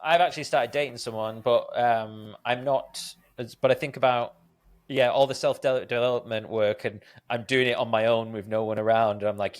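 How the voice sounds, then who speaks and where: A man's voice: mid-range voice, fairly even intonation, normal speed, clean tone. Guy hosting a podcast, loose and rambly, lots of likes and you-knows. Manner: rambling, chatty, lots of fillers and laughs. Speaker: podcast host. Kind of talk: casual conversational interview.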